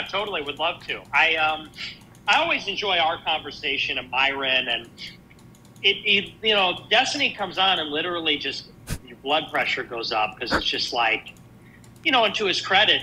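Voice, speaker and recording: A man's voice: medium pitch, bright, forceful tone, a little hiss or hum, rough recording. A man in a casual online audio chat, sounding exasperated and complaining.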